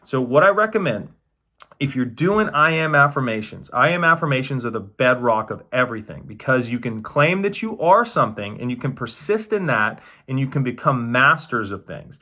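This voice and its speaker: A man's voice: mid-range voice, animated, normal speed, sharp tone. A man coaching on metaphysics in a casual lecture, emphatic and repetitive, checking in with "right?" and swearing now and then. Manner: emphatic, repeats phrases, says "right?" often.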